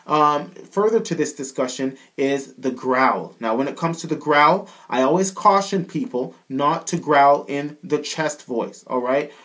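A man's voice: fairly high pitch, measured pace, few pauses, fairly bright tone. A man with a Canadian accent giving a casual singing lesson as a vocal coach, often checking in with the listener. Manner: casual, keeps checking in with "all right?".

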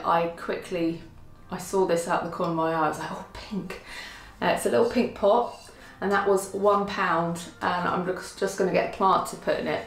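A chatty woman showing off her home bargains in a relaxed, self-deprecating way, laughing easily. Her voice sits a little low, and the room around her rings with echo. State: out of breath from lifting. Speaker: vlogger showing a home haul. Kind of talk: casual chat to camera. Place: at home, indoors.

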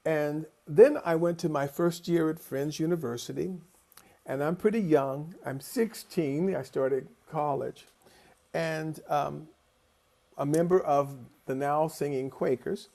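Slow, gravelly man lecturing. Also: on the high side. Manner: animated storyteller, acting out quoted voices. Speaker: choral conductor and lecturer. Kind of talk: conference lecture with personal storytelling.

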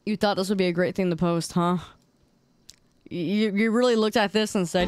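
A young woman streamer reacting to memes in casual commentary, incredulous and teasing, jumping to high exclamations. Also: fairly even intonation, normal speed. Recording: stream with loud background music. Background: music under the voice.

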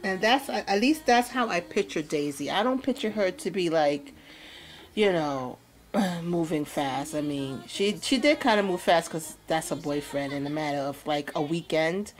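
Lively, slow-talking woman gaming host. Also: fairly low pitch. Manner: playful, chatty, slangy. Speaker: let's play host. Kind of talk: casual gameplay commentary.

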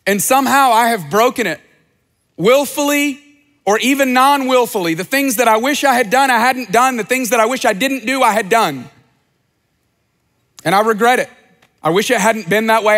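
A man's voice: high voice, lively intonation, normal speed, a bit bright. A man preaching a sermon as pastor, earnest and conversational, often repeating his phrases. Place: large church auditorium. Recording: church hall reverb.

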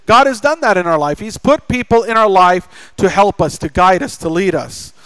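A man's voice: sits high, lively intonation, moderate pace, a bit bright, clear, resonant tone, no echo, low-quality recording. A middle-aged man preaching a sermon as pastor, telling a family story with acted-out dialogue and joking with the congregation. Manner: jokey, chatty with the congregation. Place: church sanctuary.

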